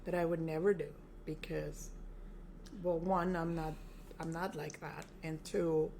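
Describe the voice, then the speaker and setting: A woman's voice: low voice, level tone, measured pace, gravelly, dark tone, a little hiss or hum, low-quality recording. Teasing, stubborn woman in casual chat. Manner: teasing, stubborn, laughs often. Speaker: co-host, bereaved mother.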